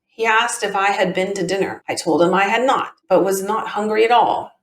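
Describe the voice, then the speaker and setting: A woman reading the answers of a plain-spoken man giving testimony, in an even, matter-of-fact way, with a tinny, echoey sound. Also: mid-range voice, moderate pace, a little hiss or hum, close to an everyday voice. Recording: tinny echoey home recording.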